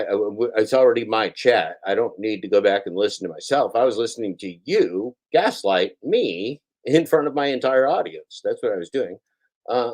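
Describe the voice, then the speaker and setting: Sarcastic low-voiced man on a live stream. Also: a little mellow. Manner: sarcastic, mocking. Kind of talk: casual live-stream chat, reading comments.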